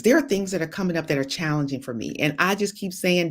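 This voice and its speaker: A middle-aged woman with a low voice delivers a fervent, preacher-like motivational talk, calling out viewers by name. She mixes in playful asides and laughs often. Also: very animated, fast talker, hardly any pauses. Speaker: host and psychologist. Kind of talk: motivational faith talk on a live stream.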